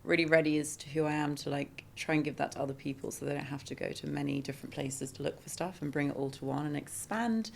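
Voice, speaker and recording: A woman's voice: sits low, fast talker, creaky, hardly any pauses, darkish tone, a little hiss or hum. A woman speaking casually as a podcast guest, with many fillers. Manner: casual, with fillers like "like" and "you know". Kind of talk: podcast interview.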